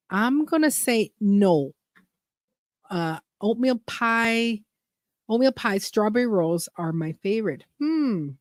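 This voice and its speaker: A woman's voice: mid-range voice, a little mellow, no room sound, clean studio sound. A woman hosting a gardening channel livestream, chatting casually and rambling as she reads viewer comments aloud.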